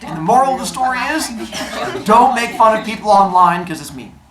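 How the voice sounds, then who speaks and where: A man teaching a class, telling a modern fable with playful, animated delivery and character voices. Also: high-pitched, a little fast, roomy sound, a crowd in the background.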